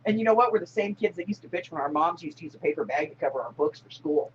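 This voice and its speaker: A woman hosts a casual late-night live chat, her pitch swinging widely as she talks. She laughs loudly and often. The sound is a bit muffled, with faint noise behind. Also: fast talker. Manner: loud laughing, animated. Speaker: host.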